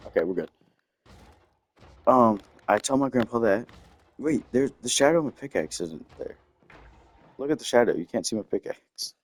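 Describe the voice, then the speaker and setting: A man's voice: mid-range voice, animated, moderate pace, long pauses, no room sound. A young man telling a personal story casually while playing a game, often breaking off to comment on what he finds. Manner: rambling, self-interrupting with game asides. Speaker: gaming storyteller. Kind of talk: casual storytelling over gameplay. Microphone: desktop microphone.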